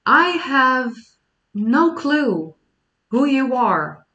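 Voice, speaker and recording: A woman's voice: sits high, big pitch swings, extremely slow, bright, forceful tone, distant mic, muffled recording. A young adult woman from the Netherlands with a Dutch accent, chatting casually on a livestream and explaining history questions at length. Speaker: history YouTuber.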